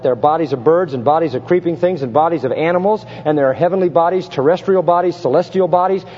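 A man preaching an expository sermon, emphatic and building to forceful peaks with rhetorical questions. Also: on the high side. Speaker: pastor. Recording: dull lo-fi sound with long hall reverb.

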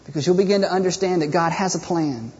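In a dull, echoey hall, a pastor delivers a passionate, rhetorical sermon, mimicking people's prayers in mocking voices. He talks fast in a high, slightly mellow voice.

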